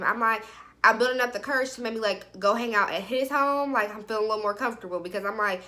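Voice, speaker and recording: A woman's voice: on the high side, fairly quick. A young woman telling a personal story in a casual, chatty way, often saying "like". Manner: chatty, animated, peppered with "like". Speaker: vlogger.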